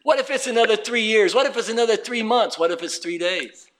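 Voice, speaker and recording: Preacher, man, very high tense voice; reads scripture, builds to emphatic exhortation. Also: animated, a little fast, a bit bright. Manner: reads scripture aloud, rising to emphatic calls. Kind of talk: sermon.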